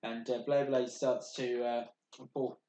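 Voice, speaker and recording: Halting man narrating a tabletop game. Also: medium pitch, level tone, dark tone, a little hiss or hum. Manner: halting, many ums and restarts. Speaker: game master. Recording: echoey room.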